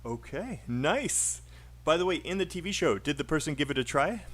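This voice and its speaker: A man's voice: a little high, lively intonation, moderate pace, fairly bright tone. A man teaching a live online English speaking class, encouraging and laughing often.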